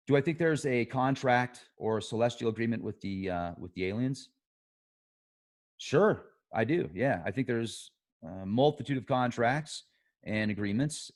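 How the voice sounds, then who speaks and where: A man hosting a conspiracy talk show, rambling in a casual monologue that jumps between loud excitement and soft trailing asides. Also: fairly low pitch. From United States.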